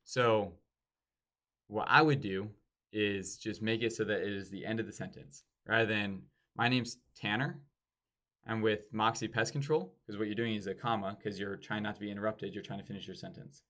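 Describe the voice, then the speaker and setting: A man giving a casual sales training, acting out sample door-to-door pitches to show pauses and emphasis. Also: steady tone, fairly bright tone.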